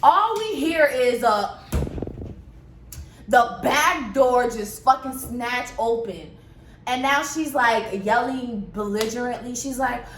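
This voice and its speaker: A young woman in her twenties tells a storytime vlog with a high voice. She talks bluntly and profanely and stays animated. The room gives her voice a roomy echo with a faint hiss behind it. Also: takes it slowly. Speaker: vlogger.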